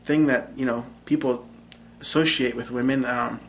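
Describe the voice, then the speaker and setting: A man's voice: mid-range voice, steady tone, moderate pace, a little hiss or hum. A young man casually explaining a language topic, hesitant and full of ums. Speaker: language channel host.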